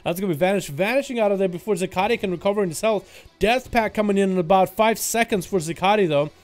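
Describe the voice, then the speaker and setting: A young man casting a video game duel as rapid play-by-play commentary, excitable and hype. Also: high-pitched, soft background music. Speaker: game caster.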